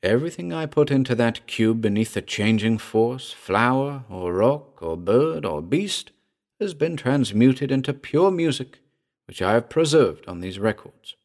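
A man's voice: medium pitch, expressive, measured pace, a little mellow. A man voicing an obsessed male composer and inventor who explains his work in an intense, lecturing way. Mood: measured.

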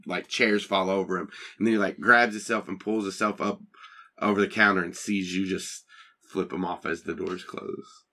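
A man's voice: on the low side, bright, forceful tone. A man narrating a tabletop game as game master, describing scenes in a laid-back, rambling way with fillers.

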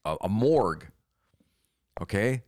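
A man's voice: lowish voice, expressive, slow, a little mellow. A man co-hosting a comedy podcast, rambling through absurd schemes in casual chat. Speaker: podcast co-host.

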